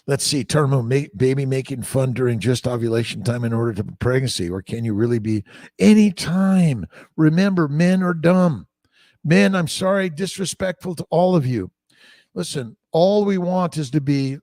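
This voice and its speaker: A man with a gravelly, mid-pitched voice talks loosely and profanely as a fertility doctor on a livestream. He reads out viewer comments and answers them on the fly, hopping between topics. The sound is dry and close. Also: normal speed, dark tone, no room sound. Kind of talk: casual livestream Q&A.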